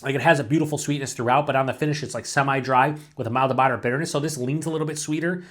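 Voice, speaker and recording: A man's voice: medium pitch, fairly even intonation, very fast, fairly bright tone. Rambling casual male beer reviewer. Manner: rambling, many fillers, swears casually; talks to himself with self-mocking asides.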